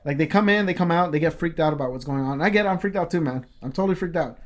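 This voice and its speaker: A man's voice: a little high, racing. A man co-hosting a casual podcast, telling a long story with many fillers, restarts and swear words. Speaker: podcast co-host.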